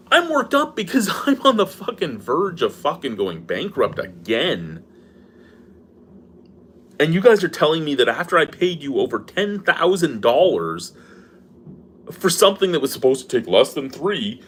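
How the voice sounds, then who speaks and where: With a fairly high, very animated voice at a moderate pace, this middle-aged beer review vlogger launches into a personal rant. He swears and vents, clearly angry and exasperated.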